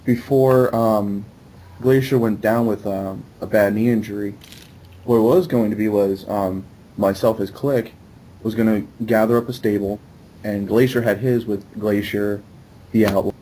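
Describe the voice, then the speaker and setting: A man's voice: fairly low pitch, steady tone, measured pace, mellow, slight background noise, low-quality recording. A man hosting a podcast in a loose, rambling casual chat with many fillers. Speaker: podcast host.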